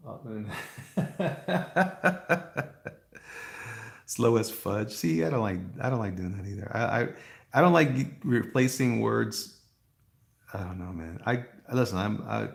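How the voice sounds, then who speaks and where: A man with a lowish, expressive, gravelly voice speaks a little slowly, leaving long pauses. He's hosting a live stream and drawing as he chats casually with viewers, rambling, poking fun at himself, chuckling often and addressing the chat.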